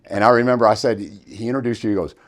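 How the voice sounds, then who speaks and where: A man hosting a podcast, telling stories in an animated, joking way. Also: lowish voice, fast talker. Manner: animated, jokey storyteller. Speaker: podcast host. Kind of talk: storytelling interview.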